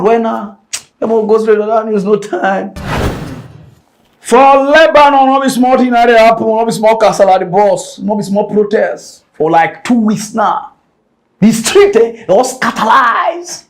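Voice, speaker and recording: Male comic news host, Nigerian pidgin accent, high voice, playful whispers and shouts. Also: normal speed. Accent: Nigerian Pidgin English. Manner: animated, jokey, shifts between whispers and shouts.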